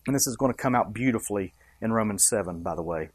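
A man's voice: fairly low pitch, animated, fast, husky, no echo, clean studio sound. A man preaching a sermon, emphatic and rising and dropping for effect, asking the congregation questions. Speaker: pastor.

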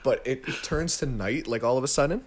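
A man's voice: medium pitch, brisk, a loud crowd. Young guy rambling thru a dream story, lots of likes and ums, laughing at himself. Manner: rambling, filler-heavy, self-amused. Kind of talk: casual chat, storytelling.

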